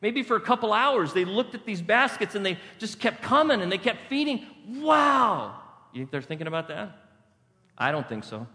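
A man's voice: high voice, very animated, fairly quick, bright, forceful tone. A male pastor preaching a sermon in an emphatic, repetitive, conversational way. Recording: long reverb of a large hall.

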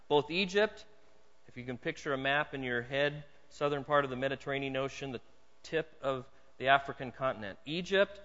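A man preaching a sermon to a congregation, swinging from hushed storytelling to loud, emphatic points. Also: mid-range voice, big-room sound, dull audio. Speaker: pastor. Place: church hall.

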